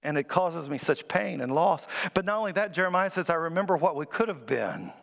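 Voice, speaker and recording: A male pastor delivers a sermon to his congregation, his voice sitting a bit high for a man. He leans into emphatic, rising lines and asks the room to answer him back. The sound rings out with a long reverberant tail, as in a large church sanctuary. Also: lively intonation, a little fast, gravelly, a bit bright. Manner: preaching with call-and-response, rising emphatic pitch.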